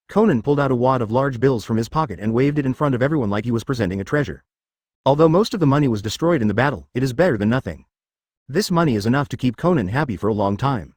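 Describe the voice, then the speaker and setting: Synthetic male audiobook narrator, lively pitch. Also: quick pace, dry recording, studio quality.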